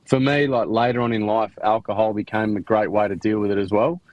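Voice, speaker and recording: Low-voiced Australian man telling his story frankly. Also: steady tone, a little fast, no room sound, highs cut off. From Queensland, Australia. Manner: frank, slangy, talks in restarts and fillers. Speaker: podcast guest. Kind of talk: candid interview storytelling.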